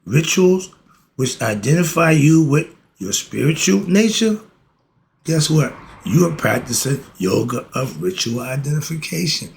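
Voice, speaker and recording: A man's voice: on the high side, sing-song, measured pace, creaky, slight background noise. A man giving a casual teaching talk on yoga philosophy, asking rhetorical questions and answering them himself, with slangy asides.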